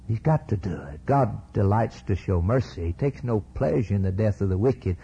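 Fiery preacher, husky and dark. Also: male voice, dull audio. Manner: swings from low drawn-out lines to sudden high shouted peaks. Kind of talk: fiery sermon with storytelling.

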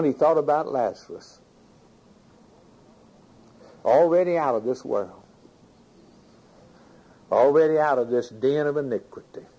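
Husky-voiced man preaching a sermon. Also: mid-range voice, warm tone, lo-fi sound. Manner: reads scripture aloud and comments, asking the congregation questions.

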